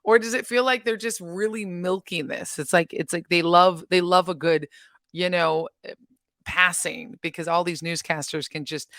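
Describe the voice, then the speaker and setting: A channel host reacts to the news in a casual vlog, chatty and rambling with frequent laughter. Her voice is lowish and a bit bright, with fairly even intonation and a moderate pace, and the sound is dry and close with no room sound.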